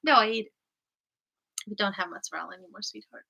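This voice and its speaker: A woman's voice: medium pitch, fast, creaky, bright, forceful tone, slightly rough. A woman co-hosting a casual question-and-answer video, giggly and teasing. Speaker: co-host. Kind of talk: casual Q&A chat.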